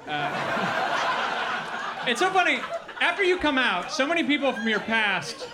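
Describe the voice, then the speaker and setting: A man from Milwaukee performing a stand-up comedy set, telling stories with animated acted-out quotes. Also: very high-pitched, takes it slowly, heavy background noise. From Milwaukee, Wisconsin. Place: comedy club with live audience.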